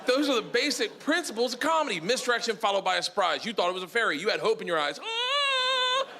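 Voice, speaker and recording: A middle-aged man doing a stand-up comedy set on a club stage, telling a rowdy story loudly and acting out other people in high voices. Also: racing. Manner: loud, rowdy storytelling, acts out his daughters in high voices. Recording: live club recording with room noise.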